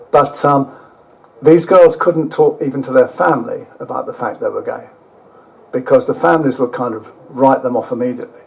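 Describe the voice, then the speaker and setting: An older man giving a rambling travel talk with slides, halting often and dropping blunt, sweary asides. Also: medium pitch, creaky, darkish tone, a little hiss or hum, poor audio. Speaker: guest speaker.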